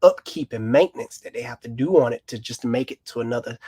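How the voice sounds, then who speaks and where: A man co-hosting a live car question show as the mechanic. He explains at length in a folksy, easygoing way. The sound is dry and close, and his pitch sits at an ordinary middle height. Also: fast talker, mellow, slightly rough, dry recording. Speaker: mechanic, co-host. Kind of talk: casual live Q&A on cars.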